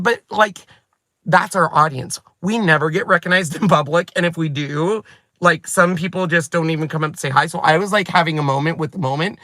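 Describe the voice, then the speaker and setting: A man in his forties, a craft YouTuber and channel host, chatting to his viewers in a lively, self-mocking way. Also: fairly high pitch, dry recording. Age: 40s. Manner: chatty, animated and self-mocking, with bursts of laughter. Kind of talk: chatty vlog storytelling to viewers.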